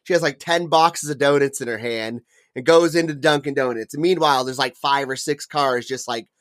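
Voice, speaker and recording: A young podcast co-host with a mid-range, slightly bright voice talks a little fast. He tells a long, profane story in a casual, rambling way, full of "like" and "uh."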